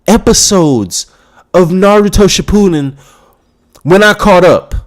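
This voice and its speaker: A young man hosting a casual talk show, telling a story in an animated, profane rant full of restarts. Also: high-pitched, slow, pauses often. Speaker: podcast host.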